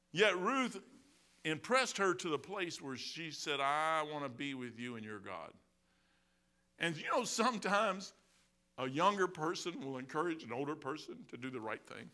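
A pastor in his sixties with a Midwestern American accent and a slightly high voice preaches a sermon. He tells stories, swinging between loud outbursts and quiet asides.

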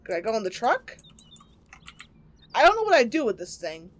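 A woman streamer giving sarcastic, excitable commentary while playing a game. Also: on the high side, moderate pace. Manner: excitable, sarcastic, swears and laughs a lot. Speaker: gaming streamer. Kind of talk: let's play commentary.

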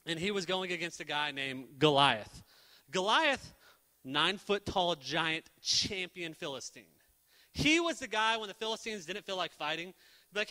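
A young man with a high, very bright voice gives a casual, jokey sermon, telling Bible stories with animated energy and slipping into quick voices for the characters. The sound rings with the long reverb of a church hall. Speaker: preacher.

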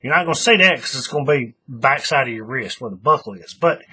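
A man's voice: mid-range voice, expressive, quick pace, pushed and bright, breathy edge. A man hosting a casual craft tutorial, thinking aloud as he works and often restarting his sentences. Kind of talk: casual how-to demonstration.

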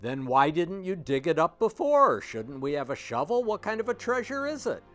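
Man reading a pushy, curious little girl, high and bouncy, lots of questions. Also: very animated, a bit bright, soft background music. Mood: eager. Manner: eager rapid questions.

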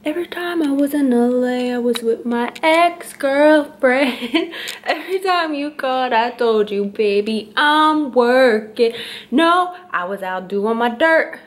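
The vlogger, a young woman, has a high voice and an unhurried delivery. She's pranking her boyfriend in a laid-back video, teasing him and repeating her questions again and again.

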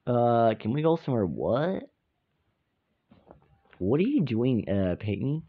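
A woman voicing a bewildered, uneasy teenage boy in a homemade dorm drama, pitching her voice down. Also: big pitch swings, slow pace, phone-quality sound, exaggerated voice. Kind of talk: amateur dorm drama role-play.

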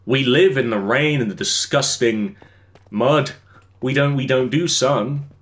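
A man's voice: mid-range voice, a little slow, fairly bright tone. A young English man chatting casually on a gaming livestream, rambling and answering his chat as he plays. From England. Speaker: streamer.

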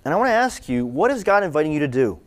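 A young man giving a conversational sermon-style talk to students, animated and repeating phrases for emphasis. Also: a little high, quick pace. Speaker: campus ministry speaker.

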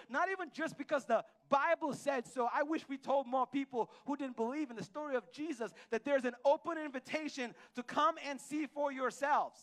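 A man with a notably high voice delivers a conversational sermon in a church. He tells stories with acted-out dialogue and quizzes the congregation. His delivery is lively and informal. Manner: animated, storytelling with acted-out dialogue and audience questions. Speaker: pastor. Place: church hall.

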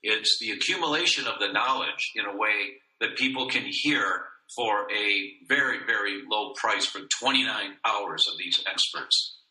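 A man's voice: unhurried, hardly any pauses, sharp tone. A man telling a personal story as a podcast guest, earnest and acting out each voice in the dialogue. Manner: earnest, acts out the dialogue, rises and falls in pitch. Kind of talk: emotional storytelling in an interview. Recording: echoey room.

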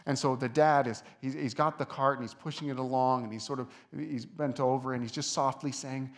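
Pastor guy giving a chatty sermon in church, mid voice, gets louder on the big points. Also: mid-range voice, steady tone, brisk. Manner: conversational, with soft asides and lifted emphasis. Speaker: lead pastor. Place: church sanctuary.

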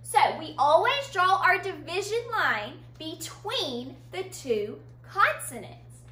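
Picked up from some distance in a room full of echo, a very animated woman leads a children's phonics lesson. Her high, bright voice rises and falls a great deal as she slowly and carefully quizzes the kids and praises them.

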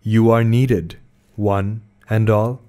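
Small magic doll, calm, ringing calls, slow, read by a man. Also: on the low side. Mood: calling out.

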